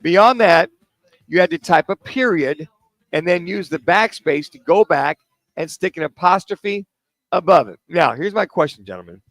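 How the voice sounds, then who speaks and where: A man's voice: sits high, lively intonation, moderate pace, fairly bright tone, no echo, rough recording. A man hosting a sports radio show from a remote broadcast, chatting and tossing rambling questions to his co-hosts. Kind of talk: casual radio chat. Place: remote broadcast at a car dealership.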